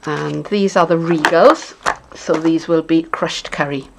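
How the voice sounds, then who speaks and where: Lady with a low gravelly voice narrating her card making, chatty, thinks out loud, faint hiss behind. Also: fairly even intonation, unhurried. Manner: chatty, thinks aloud, playful asides. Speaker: papercraft demonstrator. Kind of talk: casual craft tutorial.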